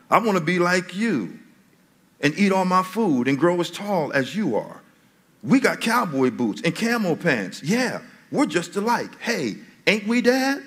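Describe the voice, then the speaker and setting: A man's voice: high-pitched, breathy edge, pitched above the performer's own voice, exaggerated voice. A man voicing an eager four-year-old boy who adores his father, read aloud in a sermon. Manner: eager, adoring. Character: cheerful little boy, about four.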